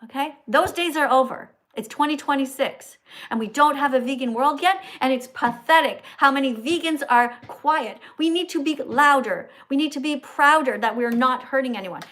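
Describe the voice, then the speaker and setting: A woman's voice: high voice, a bit bright. Blunt, bossy woman live-streaming. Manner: quick asides to viewers. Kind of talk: casual live-stream chat.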